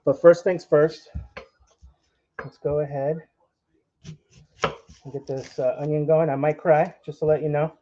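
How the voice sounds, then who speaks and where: A young man hosts a live cooking stream from his home kitchen, chatting and joking with viewers as he cooks. His voice is fairly high but flat, with a measured pace, long pauses and a warm tone. The audio sounds dull.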